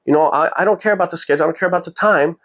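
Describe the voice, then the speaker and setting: A man's voice: fairly bright tone, close to an everyday voice. A man retelling an eager young pop star. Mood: firm. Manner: quick, raised-pitch retelling. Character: young male pop star, polite and insistent.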